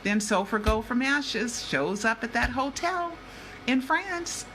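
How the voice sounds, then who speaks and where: A woman's voice: on the high side, expressive, slow, a bit bright, a little hiss or hum. An older woman who is a vlogger and investigative journalist, talking to her viewers in a chatty, emphatic way that circles back and repeats itself. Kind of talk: casual vlog talk.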